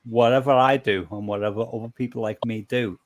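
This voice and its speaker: A man's voice: mid-range voice, steady tone, fairly quick. A man and musician chatting casually, repeating words and stumbling, with the hiccups. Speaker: guest musician. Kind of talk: casual chat.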